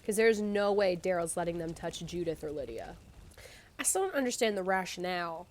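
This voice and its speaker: A woman's voice: fairly low pitch, lively intonation, a little fast, darkish tone. A young woman giving casual reaction commentary, chatty and thinking aloud, asking herself one rhetorical question after another. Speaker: reaction video creator.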